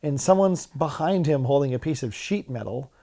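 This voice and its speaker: A man's voice: mid-range voice, lively intonation, moderate pace, gravelly, mellow. Filler-heavy podcast man. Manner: filler-heavy, keeps saying like. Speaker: podcast co-host. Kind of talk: casual chat.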